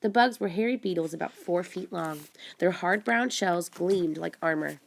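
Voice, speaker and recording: A woman reading a children's adventure book aloud, steady and expressive. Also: fairly low pitch, moderate pace, vocal fry. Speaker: audiobook narrator. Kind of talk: storybook narration.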